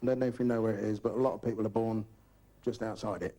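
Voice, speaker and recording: Gravelly, foul-mouthed older comic. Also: male voice, fairly low pitch, fairly even intonation, racing. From Britain. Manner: crude, rambling, swears constantly. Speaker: stand-up comedian. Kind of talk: live stand-up routine. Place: live comedy club. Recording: noisy live recording.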